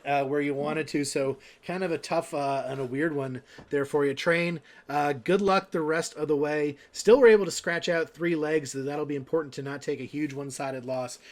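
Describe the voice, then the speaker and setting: A man hosting an online darts league broadcast, interviewing players after their matches in a loose, casual way. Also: fairly high pitch. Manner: casual, rambling questions with fillers. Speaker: host and commentator.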